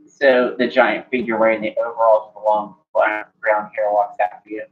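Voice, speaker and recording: A man's voice: lowish voice, level tone, normal speed. A man narrating a tabletop game as game master, rambling and full of "like" fillers. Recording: dull lo-fi sound, faint music.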